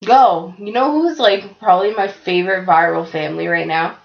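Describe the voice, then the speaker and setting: A woman's voice: on the low side, creaky. Young woman chatting casually, echoey lo-fi room. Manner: loose, swearing, quick to laugh. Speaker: podcast co-host. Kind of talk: casual chat. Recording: roomy, dull lo-fi podcast sound.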